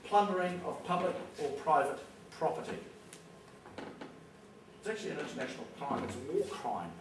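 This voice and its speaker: A man's voice: a little high, big pitch swings, normal speed. A man with a New Zealand accent giving a plain-spoken, emphatic public talk to an audience in a school hall. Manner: emphatic, plain-spoken, acts out phone calls. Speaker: public speaker. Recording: echoey hall recorded from a distance with background noise.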